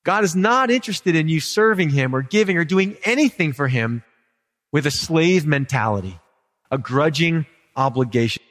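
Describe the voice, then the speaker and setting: A man preaching with a fairly high voice, chatty and joking as he quizzes his congregation. His words ring with a long reverb from a large hall. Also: lively intonation, normal speed, fairly bright tone. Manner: conversational and humorous, asks the congregation questions. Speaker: pastor. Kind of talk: sermon.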